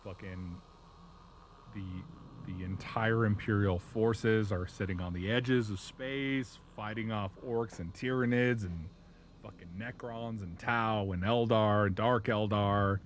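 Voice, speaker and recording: A man chatting casually on a live stream, telling a story in a profane, rambling, animated way. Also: lowish voice, slow, a little hiss or hum.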